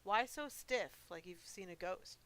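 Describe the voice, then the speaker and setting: A woman's voice: mid-range voice, a little slow, fairly bright tone, natural voice, rough recording. A woman voicing a lonely, forgetful old male monster in a horror game, who rambles and mocks himself. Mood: chatty. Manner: rambling, self-mocking, talks to himself.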